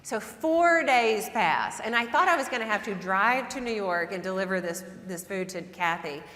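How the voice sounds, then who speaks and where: A woman telling a personal story in a relaxed, self-deprecating lecture style, laughing often. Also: medium pitch, normal speed. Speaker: guest lecturer and author. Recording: echoey hall reverb.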